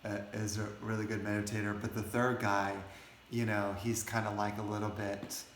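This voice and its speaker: A man's voice: fairly low pitch, level tone, normal speed, echoey room, slight background noise. A man hosting, telling a story in a casual, rambling way with many restarts. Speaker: host.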